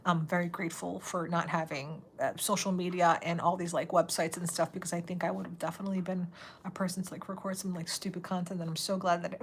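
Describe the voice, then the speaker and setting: A woman in her thirties hosting a live stream, chatting casually, full of "like" fillers and laughter, reading viewer comments, her voice getting a bit raspy. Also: on the low side, fairly even intonation, fast.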